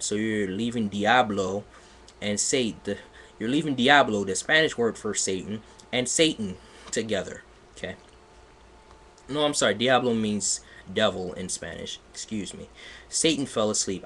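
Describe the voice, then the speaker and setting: A man's voice: lowish voice, a bit bright, a little hiss or hum. A man giving a comedic dramatic reading of a text, exasperated and breaking off to mock it. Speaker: live streamer reading aloud. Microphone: computer microphone on a live stream.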